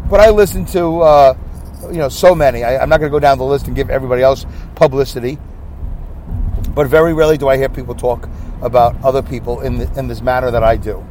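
A man's voice: mid-range voice, steady tone, quick pace, darkish tone, slight background noise. A sleep-deprived man in his fifties hosting a solo podcast, rambling and losing his train of thought. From upstate New York. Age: 50s. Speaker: podcast host.

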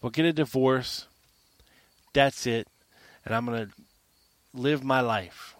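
A man's voice: mid-range voice, measured pace, fairly bright tone, no room sound, close to an everyday voice. A man putting on a fed-up young husband, blunt. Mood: dismissive. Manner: blunt, dismissive. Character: fed-up young husband venting at his wife.

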